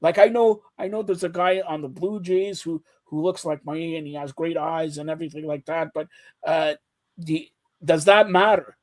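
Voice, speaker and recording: A man's voice: a little high, normal speed. A man hosting a casual sports chat show, teasing his co-hosts and talking over them. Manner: teasing, talks over others, animated.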